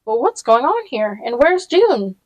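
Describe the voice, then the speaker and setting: An eager runaway girl back home, as a woman reading a novel aloud puts her on. She talks in a bright, breathless rush, her voice lifted a little high. She sounds pleading and excited by turns. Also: unhurried, no room sound, low-quality recording.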